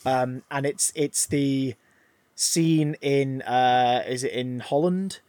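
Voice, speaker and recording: A man co-hosting a podcast, chatting casually about a film, animated and swearing freely as he acts out scenes. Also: mid-range voice, slow, dry recording. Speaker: podcast co-host. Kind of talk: casual film review chat.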